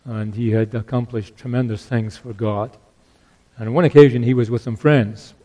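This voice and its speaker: An older man preaching a sermon, earnest, repeating key phrases and swinging between loud exhortation and hushed asides. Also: medium pitch, fairly even intonation, normal speed.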